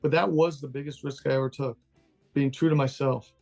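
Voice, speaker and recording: A man's voice: mid-range voice, steady tone, a little fast, creaky, darkish tone, soft background music. An older man from Texas, a guest in a casual interview, talking candidly and laughing easily. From Texas, USA. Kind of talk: casual interview over a call.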